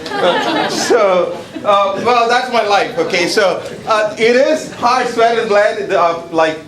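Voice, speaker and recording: A man's voice: sits high, a bit bright, roomy sound. A man presenting research at a seminar, chatty and joking, with an accent, often adding "okay?". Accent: non-native accent. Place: seminar hall.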